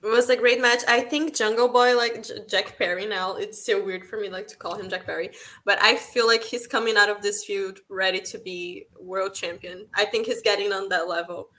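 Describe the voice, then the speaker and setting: A woman's voice: mid-range voice, steady tone, normal speed, a bit bright. A woman from Europe co-hosting a podcast, gushing in casual chat with lots of fillers. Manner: enthusiastic, filler-heavy. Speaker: podcast co-host.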